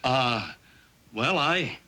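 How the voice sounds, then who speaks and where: A man's voice: mid-range voice, animated, extremely slow, bright, forceful tone, heavily acted. A man playing a flustered young man who hides a secret, wisecracking and stammering nervously. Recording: hiss of old TV soundtrack.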